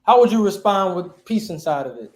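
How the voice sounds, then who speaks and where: A man's voice: high-pitched, sing-song, fairly quick, a little mellow. A man teaching a class in a casual, slangy way, quizzing his students. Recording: echoey room.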